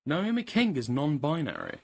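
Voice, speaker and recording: A man's voice: on the high side, wildly swooping pitch, normal speed, creaky, a little mellow, breathy edge. Crude rambling man streaming. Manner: crude, rambling, swears often, repeats himself. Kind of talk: casual live-stream commentary.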